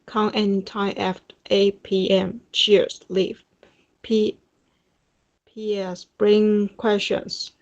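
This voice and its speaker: A woman student reading a short email aloud in class, steady and even. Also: mid-range voice, slow pace, highs cut off.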